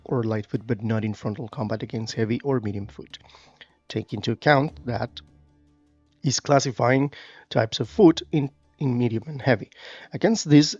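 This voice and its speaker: Gravelly man reading a game tutorial. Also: mid-range voice, a little mellow, dry recording, dull audio. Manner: reads tutorial text aloud then comments loosely, many fillers. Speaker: gaming YouTuber. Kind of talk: casual gameplay commentary.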